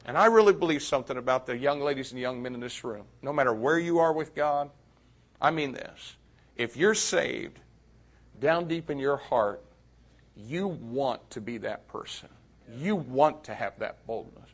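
A man preaching a sermon, telling a story and swinging from loud to hushed. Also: medium pitch, expressive, normal speed.

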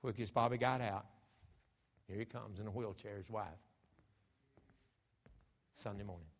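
A man with an American accent, a pastor preaching a sermon emphatically, moving from hushed storytelling to raised, fervent delivery. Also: on the low side, fairly even intonation, a little slow. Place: church sanctuary. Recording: church hall reverb.

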